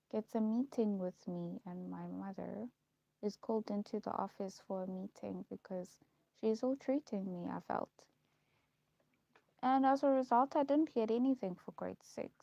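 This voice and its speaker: A young woman telling her life story in a casual vlog, repeating herself and pausing with ums as she lists memories. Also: mid-range voice, creaky, mellow, no echo. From South Africa. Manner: repetitive, listing recollections with frequent ums. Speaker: vlogger. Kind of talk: personal storytelling. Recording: dull lo-fi recording.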